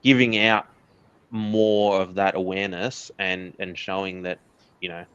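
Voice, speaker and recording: Australian man, interview guest, candid and earnest, lowish voice, muffled lo-fi sound. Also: flat delivery, a little slow, fairly bright tone, clean tone, no echo. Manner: candid, earnest storytelling with laughs. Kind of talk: casual interview chat.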